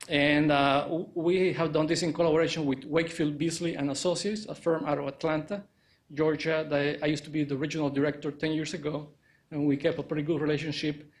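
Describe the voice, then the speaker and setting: A man presenting an architecture project at a press conference, speaking haltingly with many fillers. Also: a little high. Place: indoor press conference room.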